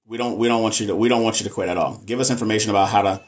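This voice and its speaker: A man's voice: fairly low pitch, fairly even intonation, racing. A man with a Texas Southern accent, hosting a casual livestream, reading comments aloud and talking candidly about nursing. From American South. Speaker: nurse and livestream host.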